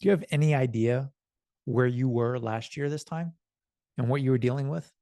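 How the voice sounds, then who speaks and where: A man's voice: medium pitch, normal speed, dry recording, studio quality. A man talking to the camera in a casual motivational vlog, telling a story earnestly and acting out the people in it. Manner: earnest, animated storytelling with quoted voices. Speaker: self-improvement vlogger.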